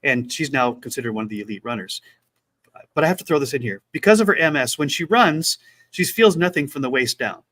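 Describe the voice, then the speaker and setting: A man co-hosting a casual chat, retelling a story with lively acted-out quotes. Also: medium pitch, fairly quick. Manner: animated retelling, acts out quotes. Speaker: podcast co-host.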